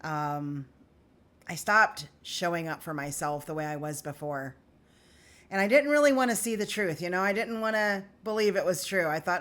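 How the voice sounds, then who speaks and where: On an emotional day, a woman speaks candidly to her viewers in an earnest, confessional personal vlog. Her voice is on the low side and a bit bright, and she keeps a moderate pace.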